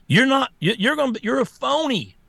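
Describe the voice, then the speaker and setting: A man's voice: very high voice, fairly quick, creaky, no echo. A man co-hosting a political talk show, ranting bluntly with many restarts. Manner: blunt, repetitive restarts, animated rants. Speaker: co-host.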